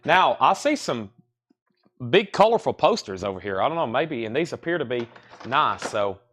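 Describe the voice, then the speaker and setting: A man's voice: mid-range voice, sing-song, moderate pace, a bit bright, slight background noise. Chatty man hosting a livestream. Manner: rambling, self-deprecating, chatty while eating. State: coughing, throat choked. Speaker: live sale host. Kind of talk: casual livestream chat.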